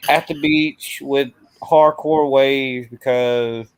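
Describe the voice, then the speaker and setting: A man's voice: mid-range voice, fairly even intonation, slow, smooth, no room sound, poor audio. A man speaking bluntly in a casual group chat, using folksy, emphatic phrasing.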